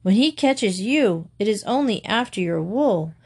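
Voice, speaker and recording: A woman's voice: medium pitch, lively intonation, a little slow, darkish tone, breathy edge. An indignant, frantic pig, as a woman reads it.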